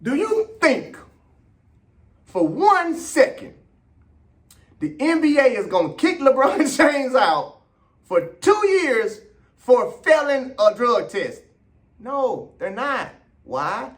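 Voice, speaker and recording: A man on his own show with a high, swooping voice, ranting in a heated, emphatic way. He hammers the same points again and again and leans hard on key words. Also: big pitch swings. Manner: passionate, emphatic, repeats points, drawn-out stresses. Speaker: vlog host and runner. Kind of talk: heated opinion rant to camera.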